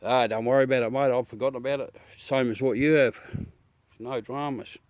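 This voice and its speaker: Brisk and fairly even in intonation, the man's medium-pitched voice has a darkish tone, and the recording is dry. He's a middle-aged Australian livestream host bluntly chatting with viewers, cursing and addressing them all as mate.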